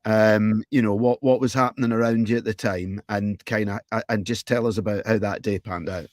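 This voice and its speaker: A man's voice: on the low side, fairly even intonation, fairly quick, a little mellow, no echo, studio quality. A man hosting a podcast, asking long questions with many restarts and ums. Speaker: podcast host. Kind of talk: interview questions.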